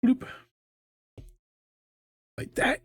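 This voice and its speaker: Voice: extremely slow, fairly bright tone, no room sound. An artist in their thirties chatting casually during a live drawing stream, rambling, repeating words and filling gaps with "like". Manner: chatty and self-deprecating, many fillers and repeated words, hums and laughs.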